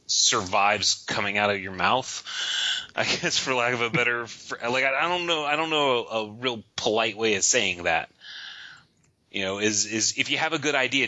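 A man co-hosting a podcast, giving advice in a halting way and often repeating his words. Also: lowish voice, bright, forceful tone, dry recording, highs cut off. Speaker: podcast co-host. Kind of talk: casual panel chat.

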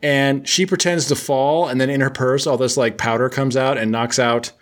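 A man's voice: medium pitch, steady tone, normal speed. A man hosting, casually recapping a comic book with joking, sarcastic storytelling.

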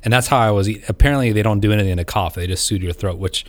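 A man co-hosting a podcast in casual chat, talking with a cough drop in his mouth while fighting a cough, chatty, quick with asides and laughs. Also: on the low side. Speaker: podcast co-host.

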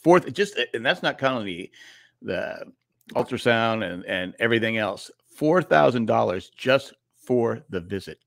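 Middle-aged male podcast co-host, rambling storyteller, mid pitch, dry close mic. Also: lively intonation, unhurried, gravelly, a bit bright, no echo. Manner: rambling storyteller, restarts and laughs. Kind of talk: casual chat.

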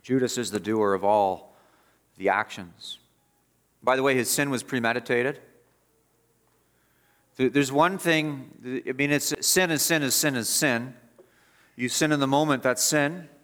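A man's voice: mid-range voice, measured pace, pauses often, a bit bright, clear, resonant tone. A man preaching an expository sermon as pastor, emphatic and repeating phrases for stress.

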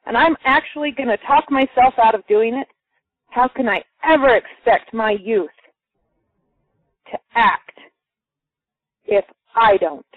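A woman's voice: fairly high pitch, unhurried, long pauses, dry recording. A woman telling a personal story to a group, acting out the voices of the people in it. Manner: lively, acts out quoted voices. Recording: muffled phone-line sound, dry.

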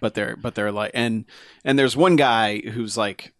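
A man in casual podcast chat, recapping a movie plot and acting out quick quotes from the scenes. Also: on the low side, fairly even intonation, a bit bright, no echo, clean studio sound. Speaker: podcast co-host.

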